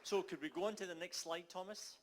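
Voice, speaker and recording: A man with a Scottish accent giving brisk, friendly instructions to a conference audience. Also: high voice, fairly even intonation, background noise. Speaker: conference facilitator. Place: conference hall.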